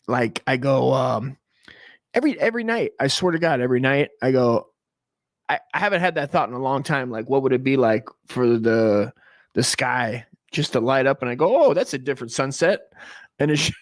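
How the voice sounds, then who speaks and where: A man in his forties from the United States who keeps up a rambling, profane comic monologue, full of excitable restarts and tangents. His voice sits at an ordinary middle pitch for a man. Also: normal speed. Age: 40s. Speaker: comedy stream host.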